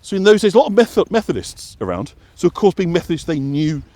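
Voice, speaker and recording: A man from West Yorkshire talks casually while walking outdoors along a path. His voice sits a little high and swings up and down a lot, and he rambles with many fillers and restarts. The sound is dry and close. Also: big pitch swings, fast, warm tone, dry recording. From West Yorkshire, England. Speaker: walking guide and vlog host.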